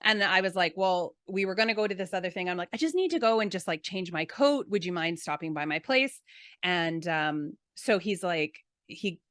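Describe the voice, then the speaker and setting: A woman's voice: lowish voice, normal speed, dry recording, clean studio sound. A woman guest in a casual chat, telling funny dating stories and acting out what people said. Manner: animated storyteller, acts out quotes.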